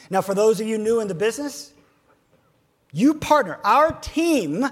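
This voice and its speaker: A man with a notably high voice delivers a motivational keynote to a room of advisors. He swings between loud, punchy emphasis and hushed lines close to a whisper. He slows right down to hammer home his key phrases. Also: sing-song. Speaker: keynote speaker to financial advisors.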